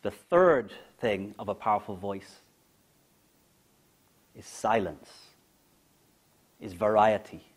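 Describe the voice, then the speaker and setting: A man coaching public speaking, lecturing emphatically with deliberate pauses and demonstrating vowels and inflection. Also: on the low side.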